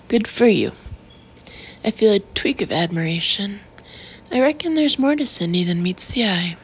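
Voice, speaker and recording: Gravelly woman narrating an audiobook. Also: mid-range voice, animated, normal speed. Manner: reads dialogue with light character shading. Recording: slightly dull, faintly noisy audio.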